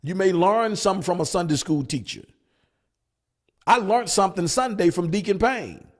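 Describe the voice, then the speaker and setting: A man's voice: sits high, lively intonation, normal speed. A male pastor preaching at a Bible study, hammering points with repeated rhetorical questions. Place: church.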